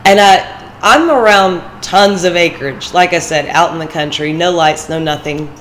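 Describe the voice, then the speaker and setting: A woman's voice: on the low side, unhurried, a bit bright, a little hiss or hum, rough recording. A woman with a congested voice, rambling and personal as she gives casual motivational talk in a vlog, with fillers between her thoughts. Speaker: vlogger.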